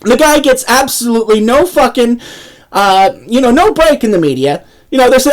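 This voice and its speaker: A woman's voice: sits high, big pitch swings, moderate pace, rough recording. A woman, ranting angrily about politics and swearing constantly. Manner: profane, swearing constantly, heated. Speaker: political vlogger. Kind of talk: angry political rant.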